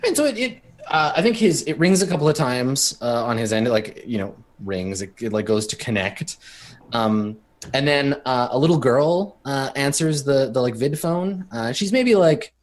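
A man's voice: medium pitch, lively intonation, moderate pace. A man narrating as game master in a tabletop game, loose and full of fillers.

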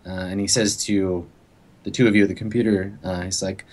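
A man's voice: low-pitched, little pitch movement, a little fast, darkish tone. A young man narrating a tabletop game as game master, speaking loosely with many fillers.

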